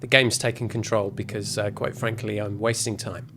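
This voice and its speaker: A man's voice: fairly low pitch, steady tone, moderate pace, a bit bright, slight background noise. Chatty man streaming a game. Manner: chatty and rambling, self-mocking asides. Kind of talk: casual gameplay commentary.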